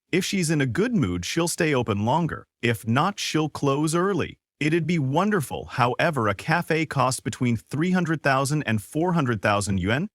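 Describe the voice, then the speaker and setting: A man's voice: mid-range voice, no room sound, studio quality. A man narrating a recap of a comic story in a scripted storytelling style, reading the characters' lines as part of the telling. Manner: lively storytelling, quoting characters' lines in passing.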